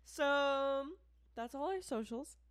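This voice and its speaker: Giggly young woman, fairly high voice. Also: animated, slow. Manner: giggly, playful, laughs often. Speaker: podcast co-host. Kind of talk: casual chat.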